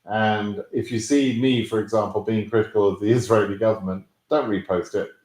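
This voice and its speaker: A man's voice: lowish voice, fairly even intonation, a little fast, darkish tone, reverberant. A British man hosting a live question-and-answer stream, talking bluntly with plenty of fillers and restarts. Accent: British English. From Britain. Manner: outspoken, blunt, swears, many fillers and restarts. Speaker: YouTube host answering viewers' visa questions.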